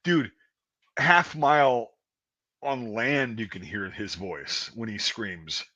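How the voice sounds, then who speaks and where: A man in his thirties casually telling profane army stories in an animated way, often breaking into shouted impressions. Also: mid-range voice, slow, dry recording, highs cut off. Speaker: podcast host and army veteran. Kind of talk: casual storytelling chat.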